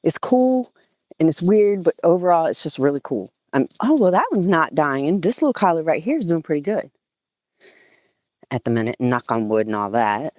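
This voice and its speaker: A gardening vlogger from southeastern Virginia walks through her outdoor home garden, live-streaming on an old phone in a Southern American accent. Chatty and animated, she coos at plants and greets viewers. Her deep voice moves at normal speed, with no echo.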